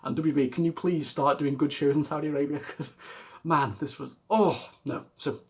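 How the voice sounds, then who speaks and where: A man's voice: on the high side, steady tone, moderate pace. A man rambling through a casual wrestling reaction vlog, exasperated, swearing and laughing often. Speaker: wrestling vlogger.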